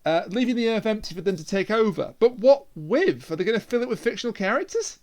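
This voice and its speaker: Lively high-pitched man, quipping. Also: quick pace. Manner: quips and wry interjections. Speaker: podcast co-host. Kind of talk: casual review chat.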